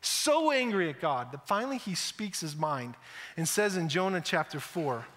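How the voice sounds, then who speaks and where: Pastor guy preaching in a church, bright voice, kinda high, chatty and acts stuff out. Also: sing-song, normal speed. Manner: conversational, acts out quotes, repeats words. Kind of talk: sermon. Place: church sanctuary. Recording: echoey church hall.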